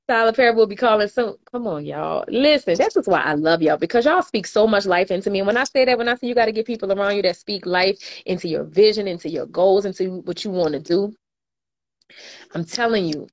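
A young woman from New Orleans chats on a phone livestream, answering viewer comments in loose slangy talk and frequent laughs. Her mid-pitched voice comes through with a dull, lo-fi quality. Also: lively intonation, fairly quick. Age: 20s. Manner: chatty, laughs often, slangy, reads comments aloud. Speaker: livestream host. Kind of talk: casual livestream chat reading viewer comments.

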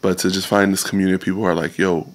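A man's voice: sits low, flat delivery, rapid-fire, a little hiss or hum. A man hosting a faith podcast, chatting casually and upbeat, with frequent slangy affirmations. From United States. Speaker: podcast host. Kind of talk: casual faith interview chat.

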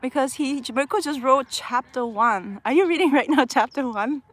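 A young woman, a parrot trainer, chatting casually on a phone live stream outdoors, cooing at her bird and exclaiming excitedly. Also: sits high, moderate pace. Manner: animated, cooing baby talk to her bird; frequent laughter, excited exclamations. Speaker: parrot trainer, channel host. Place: outdoors in open country.

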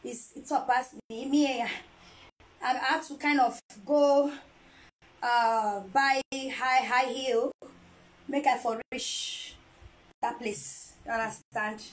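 High-voiced woman, playful and laughing. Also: steady tone, slow, rough recording. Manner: playful, laughs often, teasing. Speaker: vlogger and mother. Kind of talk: casual chat to camera.

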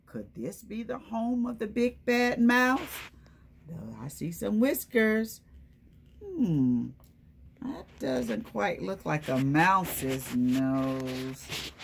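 A woman's voice: medium pitch, very animated, extremely slow, vocal fry, slight background noise. A woman reading a picture book aloud to young children, stopping often to ask them questions and call on them by name. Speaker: children's storytime presenter.

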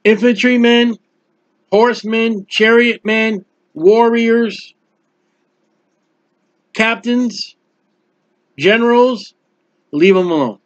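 A man preaching a Bible sermon, high-pitched and animated as he acts out the characters. The recording sounds dull and lo-fi. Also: takes it slowly, long pauses. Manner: animated, acts out biblical characters, quotes scripture.

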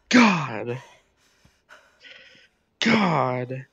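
A man's voice: mid-range voice, measured pace, long pauses, a bit bright. Panicky man gaming on a muffled mic. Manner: panicky, exclaiming, talks to the game. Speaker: gamer. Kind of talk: let's play commentary.

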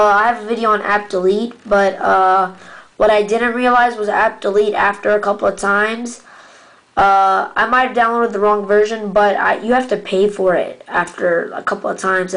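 A woman's voice: mid-range voice, vocal fry, poor audio. A woman hosting a casual app tutorial, rambling and correcting herself as she talks to viewers. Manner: rambling, self-correcting, addresses viewers as guys. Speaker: channel host showing software.

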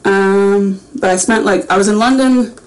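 A woman's voice: mid-range voice, normal speed, faint music behind, rough recording. A young woman chatting casually on a livestream while signing autographs, rambling and self-aware.

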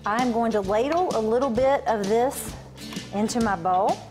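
A woman's voice: fairly high pitch, normal speed. A woman guest cook explaining a stew recipe step by step with enthusiasm. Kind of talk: cooking demonstration. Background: music.

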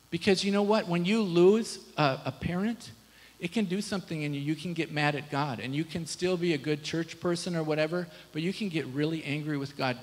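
A man's voice: fairly high pitch, in a large hall, low-quality recording. A male pastor preaching a sermon in a casual, conversational way, often asking the congregation rhetorical questions. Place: church sanctuary.

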